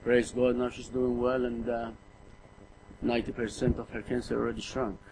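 A man's voice: medium pitch, monotone, moderate pace, darkish tone, slight background noise, low-quality recording. A middle-aged man preaching a sermon in an earnest way, often repeating words and putting rhetorical questions to his listeners.

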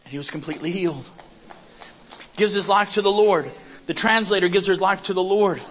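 Man, preacher, comic testimony storytelling, fairly high voice. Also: a little fast, slight background noise, low-quality recording. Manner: animated, comic storytelling with acted quotes. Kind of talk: sermon storytelling.

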